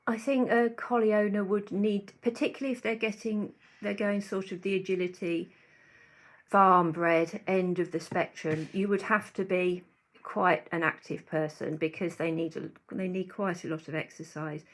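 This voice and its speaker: Guest expert: woman, mid-pitched, earnest, thinks aloud, explains patiently. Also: fairly even intonation, moderate pace. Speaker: guest dog behaviourist. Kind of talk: conversational interview answers.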